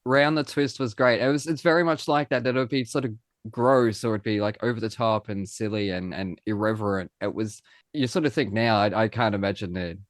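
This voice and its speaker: A man's voice: lowish voice, fairly quick, dry recording, clean studio sound. A male podcast co-host from Australia, joking and self-deprecating in casual chat.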